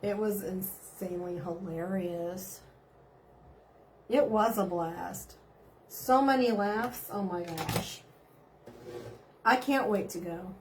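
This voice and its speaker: A woman's voice: mid-range voice, takes it slowly, long pauses, darkish tone, slight background noise. A middle-aged woman, chatting casually on a live stream and reading out viewer comments, bubbly and giggly. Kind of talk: casual chat.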